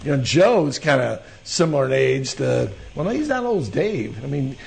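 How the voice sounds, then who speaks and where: A man's voice: medium pitch, very animated, normal speed, vocal fry. A man in his sixties hosting a radio talk show, chatting in a rambling way that keeps breaking off and restarting. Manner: rambling, self-interrupting.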